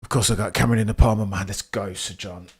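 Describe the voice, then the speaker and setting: A young Englishman from Birmingham with a low voice hosts a livestream, commentating casually on a motor race as it unfolds. He talks fast with a slightly rough edge, excitedly reacting to the action and reading and replying to viewer messages.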